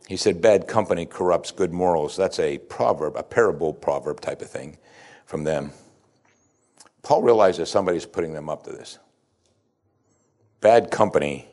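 A man preaching a sermon in a plain-spoken, folksy way, full of rhetorical questions, swinging from loud emphatic bursts to low quiet asides.

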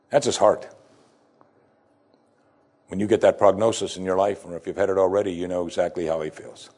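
Husky-voiced man preaching a sermon. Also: steady tone, brisk, long pauses. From United States. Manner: reads scripture with rising emphasis, then drops low and soft to reflect. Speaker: pastor.

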